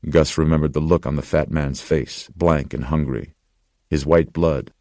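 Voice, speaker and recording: Very deep gravelly male narrator. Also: steady tone, normal speed, a little mellow, dry recording, studio quality. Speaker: audiobook narrator. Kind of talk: scripted horror narration.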